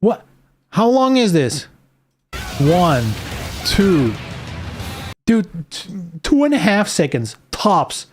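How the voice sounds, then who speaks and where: A man's voice: high voice, sing-song, slow, pauses often, faint music behind. A man streaming live, reading game news aloud and ranting about it sarcastically, swearing often.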